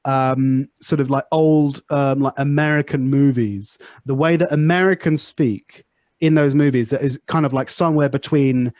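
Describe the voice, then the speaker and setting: A man's voice: mid-range voice, steady tone, normal speed, darkish tone, dry recording, clean studio sound. A young British man speaking standard southern British English, chatting casually as a podcast host, with many fillers and restarts. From United Kingdom. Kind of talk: casual conversation.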